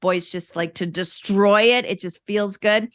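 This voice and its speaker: A woman speaking as a podcast guest, explaining parenting steps calmly and often repeating words as she thinks. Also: mid-range voice, a little slow, no echo, clean studio sound. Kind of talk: casual interview talk.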